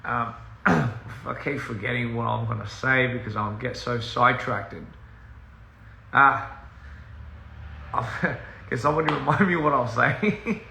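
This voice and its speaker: A man's voice: medium pitch, unhurried, vocal fry, pauses often, pushed and bright, roomy sound, slight background noise. A young man rambling through a casual live-stream chat from home, easily sidetracked and laughing often. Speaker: musician live-streaming to fans. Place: at home, indoors.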